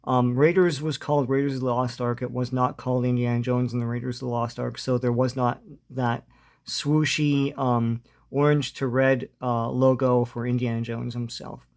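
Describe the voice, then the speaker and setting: A man's voice: medium pitch, level tone, normal speed, a little mellow. A man casually retelling a comic book story, hesitant and full of ums and uhs. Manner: hesitant, lots of ums and uhs, chuckles now and then.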